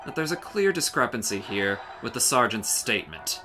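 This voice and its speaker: A man voicing a calm, confident young male legal mentor in a measured, slightly theatrical tone. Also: medium pitch, close to an everyday voice. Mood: assured. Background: game music.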